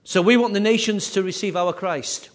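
A man preaching a sermon with emphatic, repetitive phrasing, his voice rising and falling in loudness. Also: high voice, normal speed. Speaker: pastor.

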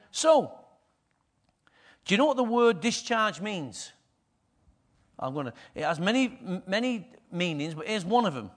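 A man's voice: high voice, a bit bright. A middle-aged man, preaching a conversational sermon and often asking the congregation questions. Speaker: pastor.

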